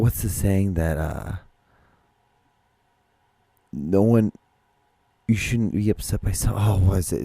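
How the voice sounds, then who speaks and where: A man's voice: fairly low pitch, warm tone, dry recording. A man hosting his own solo podcast, rambling casually with many restarts and the odd curse word. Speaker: podcast host.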